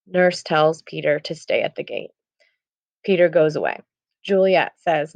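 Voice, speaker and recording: A woman's voice: sits low, animated, unhurried, vocal fry, a little mellow, no room sound. A young woman teaching, retelling a play scene casually with lots of "like" and "um". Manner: casual retelling with many "like" and "um" fillers. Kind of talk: casual lesson summary. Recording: dull, muffled recording.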